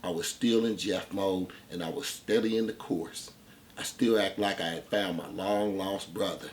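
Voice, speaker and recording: A man's voice: fairly low pitch, normal speed. A man host telling a gritty street-life story in a profane, conversational way, often tossing in "man". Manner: animated, profane, conversational, with many "man" fillers.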